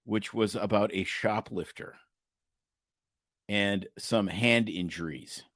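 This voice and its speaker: A man's voice: lowish voice, takes it slowly, a bit bright, dry recording, studio quality. A man hosting an interview podcast who asks long, rambling questions full of hesitations. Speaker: podcast host. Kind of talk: interview conversation.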